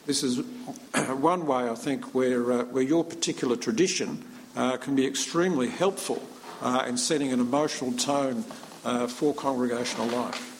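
Man, panel guest, hesitant, lots of fillers, mid pitch. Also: moderate pace, a little hiss or hum, poor audio. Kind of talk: panel discussion.

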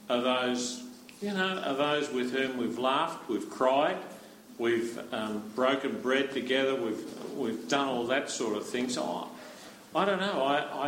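A man's voice: medium pitch, a bit bright, a little hiss or hum. Frank Australian man in an echoey room. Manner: frank, self-deprecating, halting. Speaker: panel guest. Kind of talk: panel discussion.

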